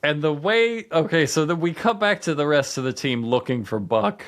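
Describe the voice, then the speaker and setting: Podcast cohost guy, kinda high voice, laughing a lot while he tells the story. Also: expressive, normal speed. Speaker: podcast co-host. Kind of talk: comedic casual chat.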